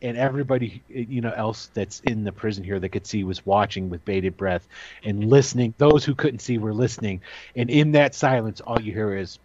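A man's voice: on the low side, normal speed, highs cut off, background noise. A man narrating and running a tabletop role-playing game in a casual, chatty way. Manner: casual, chatty, with many restarts. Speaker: game master.

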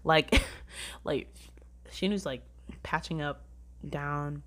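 A woman's voice: low voice, drawn-out words, a bit bright. A woman rambling through a casual weekly review of her shows, gushing, swearing freely and saying "like" a lot. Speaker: drama reviewer.

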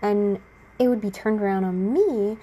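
Speaking at a measured pace in a mellow, mid-range voice, this young woman chats casually to camera about personal experiences. She laughs often and performs other people's lines as she recounts them.

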